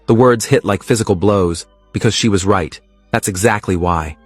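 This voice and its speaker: Guy reading a creepy reddit-style story, lowish voice, dry close sound, faint music under it. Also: moderate pace, slightly rough, no room sound. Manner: steady first-person storytelling. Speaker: story narrator. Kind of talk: scripted horror story narration.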